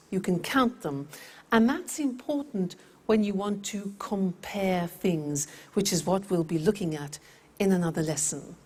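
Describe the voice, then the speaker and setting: A woman teaching English vocabulary in a scripted lesson, speaking deliberately and repeating words for pronunciation. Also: medium pitch, a little mellow.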